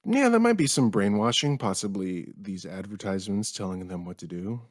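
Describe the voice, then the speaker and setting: A young man with a fairly low voice hosts a podcast and keeps the banter irreverent and jokey. He swears freely. The sound is dry and close, with almost no room in it. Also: lively intonation, normal speed, no room sound. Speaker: podcast host. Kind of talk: crude comedic podcast banter.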